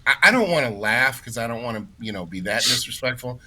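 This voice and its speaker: A man's voice: mid-range voice, expressive, fast, sharp tone, husky, rough recording. A man co-hosting a podcast in casual chat, emphatic and opinionated. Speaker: podcast co-host.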